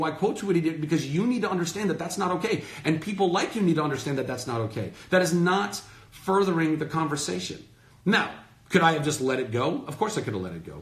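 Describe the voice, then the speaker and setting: A man's voice: a little high, fairly bright tone, echoey room. A man in his thirties hosting his own livestream, ranting passionately to his followers and swearing freely. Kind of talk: heated off-the-cuff rant to followers. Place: indoors, talking to a phone livestream. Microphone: phone.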